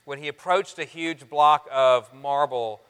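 A pastor delivering a sermon in a fairly high, bright voice. He pleads earnestly with his congregation as friends, rising to loud emphasis and dropping almost to a hush. A long reverb from the large sanctuary trails every phrase. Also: unhurried, smooth. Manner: earnest, swinging between loud emphasis and soft near-hushed lines.

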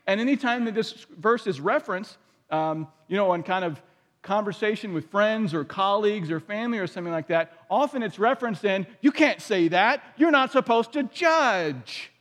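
A man with a high voice delivers a sermon in a relaxed, conversational way. He keeps checking in with his listeners through questions. His voice carries a long reverb. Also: fairly quick. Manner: conversational, asks the audience questions. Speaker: pastor.

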